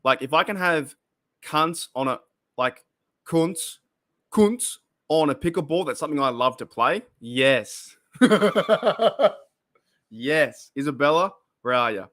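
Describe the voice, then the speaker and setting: A man's voice: fairly high pitch, a little slow, a bit bright. A man hosting a casual live stream, chatting and reacting to viewer comments, often repeating himself and exclaiming. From Australia. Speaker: podcast host reading live chat.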